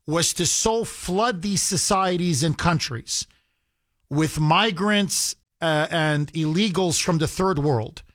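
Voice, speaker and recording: A man's voice: on the high side, dry recording, studio quality. A man hosting a call-in radio talk show, speaking in an emphatic, heated way and repeating himself as he pushes his points.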